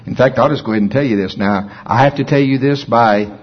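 A man preaching an informal sermon in a conversational way, with slow, deliberate scripture reading and a husky voice. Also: mid-range voice, highs cut off.

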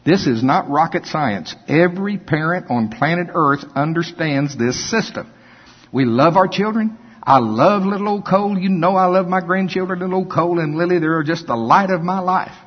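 Older man preaching, husky, echoing hall. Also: a little high, moderate pace. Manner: animated, folksy asides between King James readings. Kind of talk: sermon with scripture reading. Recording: dull lo-fi with long hall reverb.

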